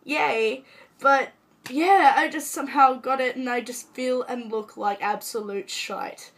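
Sick, hoarse young woman vlogging. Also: sits high, measured pace. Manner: chatty, self-mocking, dramatic. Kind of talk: casual chat to camera.

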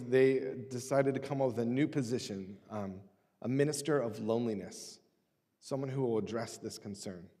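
A man preaching a sermon as pastor, with a measured delivery that reads scripture aloud deliberately. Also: mid-range voice, darkish tone. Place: church sanctuary. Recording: long church-hall reverb.

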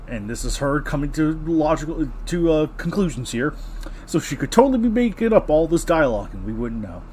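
A man's voice: mid-range voice, animated, normal speed, slight background noise. Sarcastic man reading fan fiction aloud. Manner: mocking, breaks off reading to joke. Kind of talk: comedic read-aloud with sarcastic asides.

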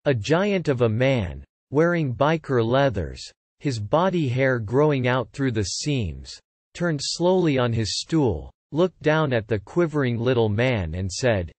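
A man narrating a joke as a story in an unhurried, expressive way. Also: mid-range voice, dry recording.

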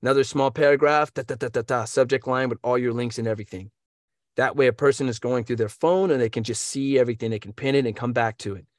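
Energetic coach from the US, mid-pitched man, dry close recording, tosses in playful sound effects. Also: quick pace, no echo. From United States. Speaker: voiceover coach. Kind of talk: casual advice.

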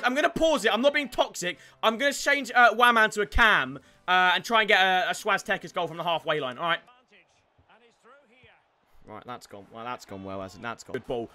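A man calling his own match live, with a very high, very bright voice that swings widely in pitch. He shouts and groans at every chance and keeps talking to his viewers, with soft music underneath. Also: a little fast. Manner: excitable, shouts and groans at the game, talks to viewers as "boys". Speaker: gaming YouTuber. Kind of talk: live gameplay commentary.

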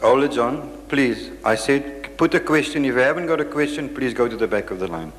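A man's voice: medium pitch, expressive, brisk, soft background music. A man chairing a question session, firm and insistent, cutting speakers off. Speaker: lecture chairman. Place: lecture hall. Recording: echoey hall.

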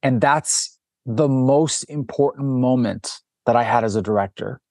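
A documentary director with a creaky, mid-range voice speaks at a measured pace in a dry, studio-quality recording. Telling a story as an interview guest, he's animated, acts out the quoted dialogue, and restarts often.

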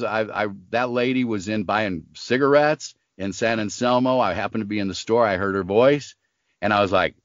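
Older guy, low smoker's voice, telling stories and doing the voices, dry dull audio. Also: no echo. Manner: animated storyteller acting out quoted voices. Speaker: voice actor guest. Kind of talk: casual storytelling interview.

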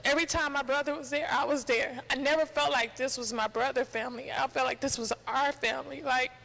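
A young woman giving an emotional tribute at a funeral, halting and fighting back tears, with many fillers. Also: high voice, steady tone, gravelly, pushed and bright, low-quality recording. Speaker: mourner giving a eulogy.

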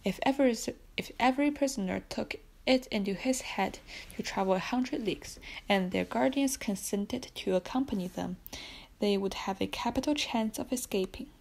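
A sardonic prison governor who mocks the prisoner's scheme, wry and dry, as a woman reads him. The voice is quiet, a little high and lightly gravelly. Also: normal speed. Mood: mocking.

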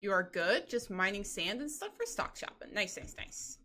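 A woman's voice: medium pitch, sing-song, moderate pace, sharp tone. A woman streaming a game, chatting casually and bubbly with her chat, laughing often.

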